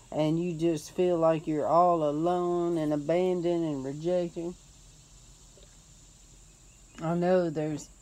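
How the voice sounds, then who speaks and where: A woman's voice: deep voice, mellow, rough recording. A woman hosting a Bible study, reacting with emotion and reflecting aloud. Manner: emotional, exclaiming and reacting often. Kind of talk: casual devotional commentary.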